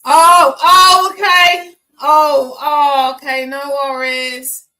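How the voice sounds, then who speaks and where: A chatty woman talks straight to her live viewers in loose, slangy banter. Her voice sits a bit high and sounds bright and forward. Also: steady tone, drawn-out words, low-quality recording. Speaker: tarot reader hosting a live stream. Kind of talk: casual live-stream chat.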